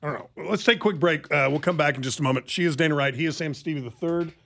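A man's voice: on the high side, gravelly. A man from the American Midwest with a Midwestern accent, hosting a radio talk show and joking with his co-hosts. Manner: animated, joking, quick to laugh. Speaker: radio host.

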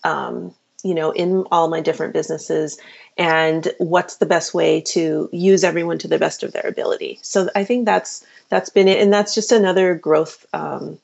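Gravelly low-voiced woman physician. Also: steady tone, normal speed, darkish tone. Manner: earnest, with fillers and restarts. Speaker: physician and podcast host, guest. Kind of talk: casual interview answers. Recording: dull lo-fi sound.

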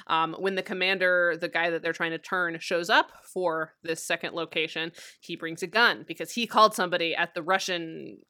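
A woman's voice: on the low side, sharp tone. A woman co-hosting a podcast, chatty and casual, laughing and swearing as she recaps a TV episode. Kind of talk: casual chat.

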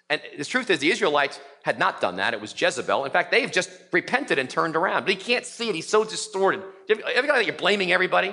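A man's voice: sits high, fast talker, creaky, hardly any pauses. A middle-aged male pastor preaching a sermon in a church, acting out biblical voices as he tells the story. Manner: animated, acts out voices of biblical figures. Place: church sanctuary in New York City.

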